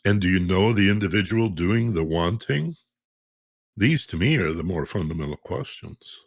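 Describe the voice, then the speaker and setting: A man's voice: low-pitched, expressive, normal speed, no room sound, studio quality. A male podcast host asking thoughtful, probing questions in a musing way. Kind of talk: reflective interview talk.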